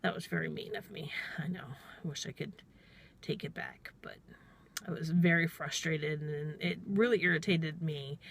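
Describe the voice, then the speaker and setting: A middle-aged woman tells an anecdote from her work as a taxi driver. Her voice sits a little low, and she talks in a chatty, meandering vlog style, often acting out her own replies. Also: fairly even intonation, moderate pace, gravelly. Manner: chatty and rambling, quoting herself with "I'm all". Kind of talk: casual storytelling vlog.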